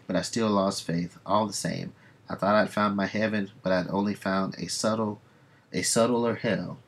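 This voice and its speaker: Guy reading as a tired brooding mutant dude, low gravelly voice, kinda husky, flat slow delivery. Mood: somber.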